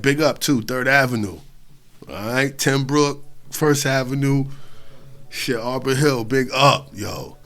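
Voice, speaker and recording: Laid-back male hip-hop radio host. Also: medium pitch. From New York State. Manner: loose and conversational, swearing, fillers, shout-outs. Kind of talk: casual hip-hop radio talk between songs.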